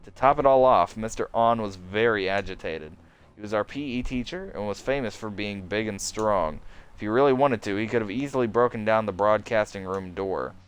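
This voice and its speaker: A man streaming, reading a horror story game aloud in a hushed, dramatic way and reacting. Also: lowish voice, normal speed, clear, resonant tone. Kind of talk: live-stream narration and reactions.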